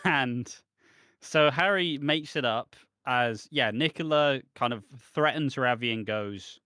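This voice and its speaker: A man with a British accent co-hosting a podcast, recapping soap episodes in animated, casual chat with laughter. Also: medium pitch, slow pace, smooth, dry recording, studio quality. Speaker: podcast co-host.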